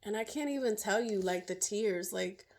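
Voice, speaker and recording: A middle-aged woman with a mid-range voice shares her own story as a survivor. Her testimony is emotional and halting, full of fillers and restarts.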